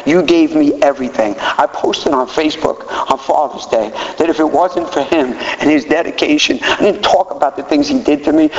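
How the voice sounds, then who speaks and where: A middle-aged man giving an emphatic personal recovery testimony at a meeting, repeating key phrases. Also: high-pitched. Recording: dull echoey hall with faint noise.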